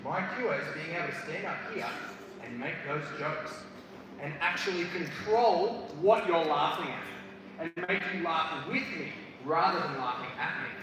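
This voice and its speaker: Lively man speaking in an echoey hall. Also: on the high side, normal speed, background noise. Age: 30s. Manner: animated storytelling, acts out voices and shouts. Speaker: motivational speaker. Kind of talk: live motivational speech with comic stories. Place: school hall, live before students. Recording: echoey school hall from far off. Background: hall ambience.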